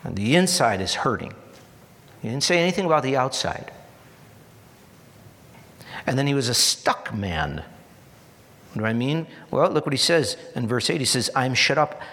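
A man preaching a sermon in an earnest, repetitive style, building to emphatic peaks and dropping to soft asides. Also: mid-range voice, very animated, normal speed, pauses often, long reverb tail. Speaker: pastor.

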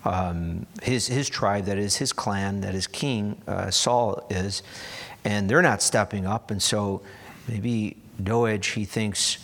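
A man's voice: on the low side, moderate pace, fairly bright tone. A man preaching, retelling a Bible story in a conversational way and acting out the characters' lines.

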